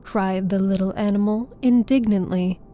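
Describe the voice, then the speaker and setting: Female audiobook narrator, unhurried and mellow, faint music underneath. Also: mid-range voice, steady tone. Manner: slow, gentle storytelling.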